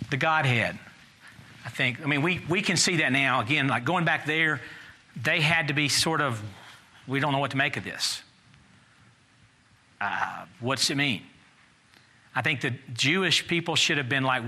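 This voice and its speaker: A man's voice: a little high, bright, forceful tone. A man leading a Bible study class, thinking aloud in a conversational way and putting questions to the group.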